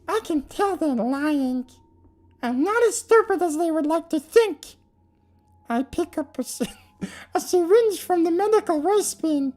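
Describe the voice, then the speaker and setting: A man putting on a squeaky little monster's falsetto to narrate a first-person horror story, slow and strained. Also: lively intonation, darkish tone. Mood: paranoid.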